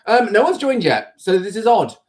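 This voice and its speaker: Male live-stream host with a slightly high voice, rambling and self-mocking at his home desk. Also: very animated, normal speed, a little mellow. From United Kingdom. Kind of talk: casual live-stream chat. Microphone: phone.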